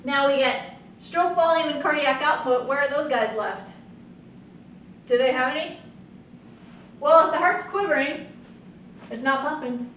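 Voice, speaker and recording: A woman teaching a nursing lecture in an animated way, often checking in with "right?". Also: high-pitched, a little slow, long pauses, a little hiss or hum. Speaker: nursing instructor. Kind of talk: recorded lecture. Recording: very echoey, distant, muffled.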